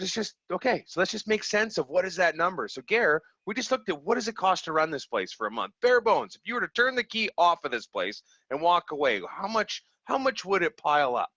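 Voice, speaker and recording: A man, a small business owner from Canada, telling stories in a casual, animated way and acting out the people he quotes. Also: high voice, no room sound, muffled recording. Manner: animated, acts out quoted people, laughs easily. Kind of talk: casual storytelling over video call.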